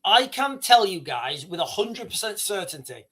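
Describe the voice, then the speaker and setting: A man's voice: high voice, big pitch swings, normal speed, fairly bright tone, slightly rough. A man hosting a livestream, commenting on a news article he reads aloud. His voice swings widely up and down as he makes his points emphatically. He often repeats lines and trips over words before restarting. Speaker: livestream host.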